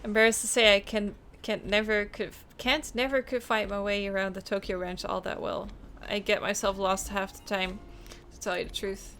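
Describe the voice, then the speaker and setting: A woman's voice: medium pitch, level tone, moderate pace, few pauses, a bit bright, faint music behind, close to an everyday voice. A woman voicing a friendly, chatty male detective with a put-on Texan drawl, reading game dialogue aloud. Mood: folksy.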